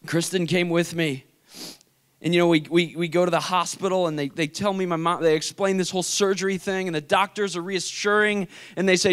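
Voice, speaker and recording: A young adult man telling an emotional personal story in a faith talk, swinging from hushed to intense. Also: on the high side, fairly even intonation, moderate pace, clean tone. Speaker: speaker.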